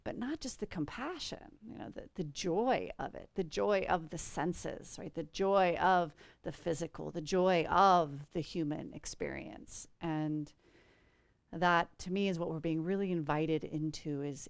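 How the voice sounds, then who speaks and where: A woman's voice: low-pitched, a little slow, creaky, no room sound. A woman hosting a podcast in an earnest, flowing spiritual chat, full of "you know" fillers. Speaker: podcast host.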